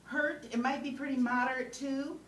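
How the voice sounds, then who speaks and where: Woman teaching a class, kinda high voice, keeps asking "okay?", sounds roomy and far from the mic. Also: steady tone, moderate pace, fairly bright tone. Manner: talks with frequent "okay?" checks, asks the class questions. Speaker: trainer. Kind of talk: teaching a class on compassionate listening. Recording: roomy sound from a distant mic with faint background noise.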